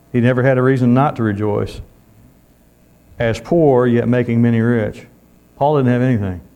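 A man's voice: medium pitch, mellow, muffled recording. A man preaching a sermon in a folksy way, calling out amen often.

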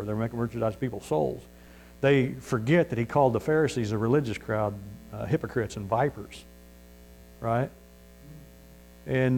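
A man preaching, folksy and emphatic, pushing his voice up to stress key points. His pitch sits in the middle range. A faint mains hum runs under the recording. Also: a little mellow, poor audio. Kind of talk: sermon.

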